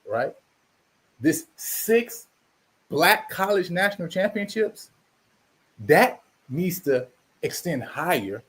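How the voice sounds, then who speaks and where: A man's voice: fairly high pitch, a bit bright. A man hosting his channel, delivering an emphatic, preachy commentary monologue and repeating himself for emphasis. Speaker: channel host.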